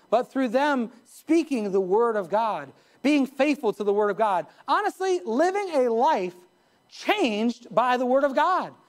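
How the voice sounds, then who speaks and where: Emphatic male pastor preaching. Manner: emphatic preaching, swinging pitch and pace, chuckles at own jokes. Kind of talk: sermon. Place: church sanctuary.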